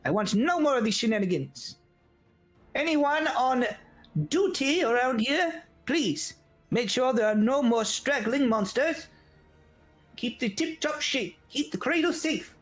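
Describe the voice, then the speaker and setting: A man voicing a tiny, very old male gnome leader who is gruff, commanding and a little out of breath. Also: animated, a little slow, fairly bright tone, soft background music, heavily acted. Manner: high, huffing, commanding and brusque.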